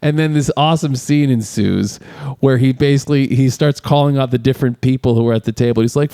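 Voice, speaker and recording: A man's voice: mid-range voice, quick pace, few pauses, mellow, clear, resonant tone, no echo, clean studio sound. A man co-hosting a podcast, casually retelling film scenes and acting out the lines with frequent laughs. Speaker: podcast co-host. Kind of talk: casual movie recap chat.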